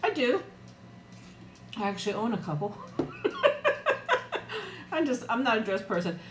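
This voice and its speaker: A woman's voice: on the high side, animated, unhurried, very noisy. Woman, middle-aged, chatty, greets viewers by name, laughs easily, roomy home sound. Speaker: live-stream eating vlogger. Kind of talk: casual live-chat eating stream. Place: room at home. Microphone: new external mic, close.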